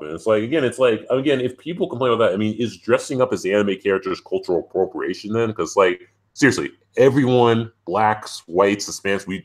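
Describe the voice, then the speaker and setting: Low-voiced ranting man on a call. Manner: animated, ranting, frequent "it's like". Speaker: podcast host. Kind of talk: casual opinionated chat.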